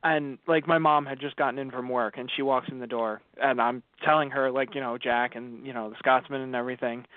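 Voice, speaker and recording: Male podcast co-host, animated storyteller with bursts of yelling, phone-like dry sound. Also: mid-range voice, a little fast, few pauses, no room sound. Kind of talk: casual review chat.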